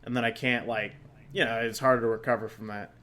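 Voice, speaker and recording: An American man hosts a casual podcast at an easy, middling pitch. He talks in a loose, chatty way, trails off mid-thought and laughs often. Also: steady tone, fast talker, bright, forceful tone. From United States. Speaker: podcast host.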